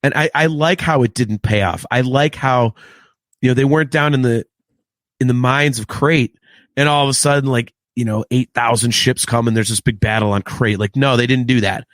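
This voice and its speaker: A man hosting a casual podcast chat, talking in an excitable, profane, ranting way. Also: mid-range voice, moderate pace, no echo. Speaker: podcast host.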